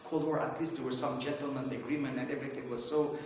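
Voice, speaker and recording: Talking fast in a level, slightly mellow mid-range voice, a middle-aged man opens a conference informally. He wanders through anecdotes with lots of fillers and restarts, recorded by a distant mic in an echoey hall with slight background noise.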